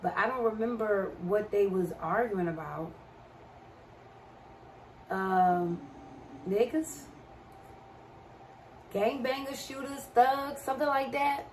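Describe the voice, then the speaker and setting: A young woman with a DMV accent chatting on a live stream at a middle pitch. She answers her viewers' comments in a loose, chatty way. A faint hum of noise sits under her voice. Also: slow, long pauses. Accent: DMV (Washington, D.C. area) American. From American. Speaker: livestreamer. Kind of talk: casual live-stream chat.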